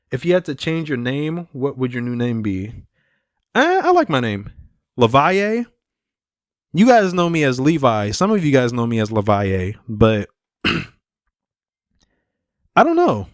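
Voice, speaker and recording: A man's voice: mid-range voice, very animated, slow, pauses often, no echo, clean studio sound. A young man hosting a solo podcast, rambling casually with lots of swearing and filler. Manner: profane, rambling, laid-back. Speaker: podcast host.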